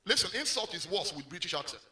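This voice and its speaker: A male pastor preaching a sermon, animated and full of call-and-response prompts to the congregation. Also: on the high side, quick pace.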